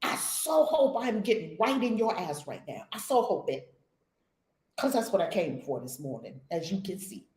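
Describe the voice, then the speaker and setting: A woman from the United States leading a spiritual community session, telling stories in an expressive, blunt, sometimes profane way. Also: on the low side, normal speed, echoey room, poor audio. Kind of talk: animated storytelling talk.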